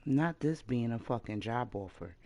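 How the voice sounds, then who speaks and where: A woman in her late thirties in a casual to-camera vlog rant, blunt and profane, with sudden loud outbursts. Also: rumbling low, animated, normal speed, no room sound. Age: 30s. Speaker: vlogger.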